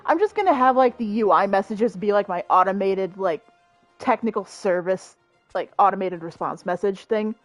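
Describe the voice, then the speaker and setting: A woman's voice: mid-range voice, normal speed, no echo, faint music behind. A young woman streaming a game, chatting casually, joking and swearing freely. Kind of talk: casual gameplay chat.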